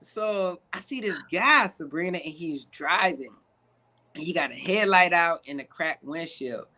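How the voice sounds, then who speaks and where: A man, an actor and comedian guest, telling a comic story in an interview, animated and slipping into put-on voices and Spanish phrases. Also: a little high, measured pace, background noise.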